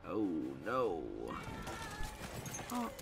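A man's voice: fairly low pitch, huge pitch swings, extremely slow, soft background music. A young man giving live commentary over his own gameplay, hyped, swearing and poking fun at himself. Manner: hyped, swearing, self-mocking banter. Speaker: gaming YouTuber. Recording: gunfire noise behind. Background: game gunfire and explosions.

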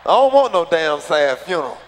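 A man's voice: fairly high pitch, very animated, brisk. A man doing live stand-up, telling profane stories in a loose, laid-back way. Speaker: stand-up comedian.

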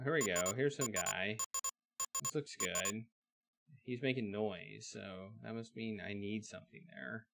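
A man's voice: medium pitch, vocal fry. A man streaming a live video game playthrough, reading game text aloud and making wry remarks on it. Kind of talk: live let's-play commentary.

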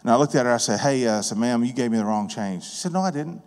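A man preaches in a folksy, plain-spoken way, his voice sitting at an ordinary middle pitch. He talks to the room like he's chatting with neighbors. Long reverb from the church hall trails behind every phrase. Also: fast, darkish tone. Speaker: guest preacher and business owner. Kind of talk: sermon with personal storytelling. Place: church sanctuary.

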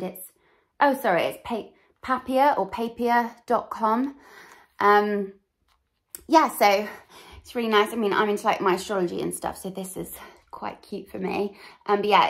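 A young woman from England vlogging, chatting casually about gifts in a rambling way with many fillers, recorded on a camera mic at home. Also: medium pitch. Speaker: fashion vlogger. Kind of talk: casual chat.

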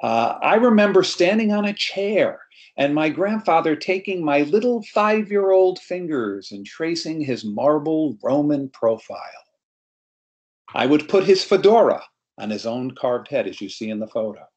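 A man's voice: on the high side, lively intonation, normal speed, highs cut off. A middle-aged man from New York, a storyteller, giving an anecdotal presentation on a video call.

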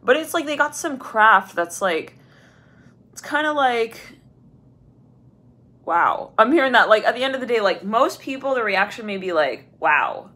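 A woman's voice: expressive, moderate pace, a bit bright. Giggly, rambling woman tarot reader. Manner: giggly, rambling, frequent laughs and fillers; acts out quoted voices with big pitch jumps. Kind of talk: casual tarot reading, channeling.

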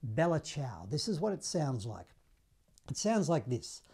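A man's voice: on the high side, unhurried, gravelly. Jokey Australian sax teacher, man. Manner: jokey, animated, self-deprecating. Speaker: saxophone teacher. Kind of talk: upbeat online music lesson.

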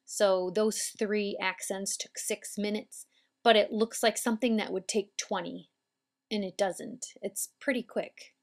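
A woman calmly explaining hair braiding steps as an instructor, patient and methodical. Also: mid-range voice, measured pace. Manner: calm, patient, step-by-step explaining. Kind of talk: instructional demonstration.

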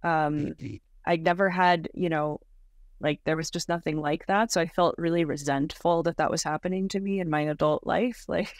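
A woman's voice: sits low, fairly even intonation, normal speed, no room sound, studio quality. A woman in her thirties, a podcast guest, telling her story in casual talk, full of "like" and "um", with frequent small laughs. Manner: chatty, many fillers like "like" and "um", laughs often.

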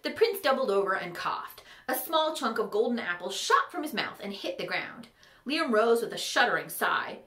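Animated woman narrating a fantasy story. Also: a little high, moderate pace, reverberant. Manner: animated, wry.

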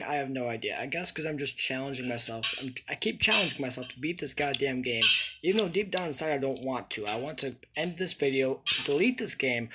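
Husky young man ranting over a game. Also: mid-range voice, a bit bright. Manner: ranting, swearing, exasperated. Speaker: gaming YouTuber. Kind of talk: frustrated let's-play commentary. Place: his own room.

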